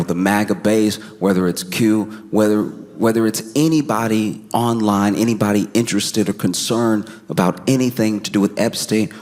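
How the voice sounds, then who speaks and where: This comedian spins a tale on stage with plenty of animation, now and then pitching up into tight, squeaky character impressions.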